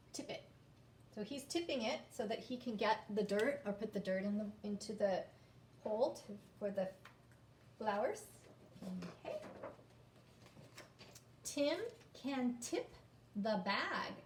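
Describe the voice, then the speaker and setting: A woman's voice: medium pitch, darkish tone, echoey room, a little hiss or hum. A woman teacher reading to young children and sounding out letters in a sing-song phonics lesson.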